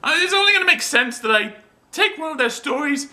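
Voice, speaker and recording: A man's voice: extremely high pitch, expressive, brisk, pushed and bright. A man with an English accent hosting a comedy video, reading stories aloud with playful asides. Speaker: host. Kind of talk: comic storytelling video.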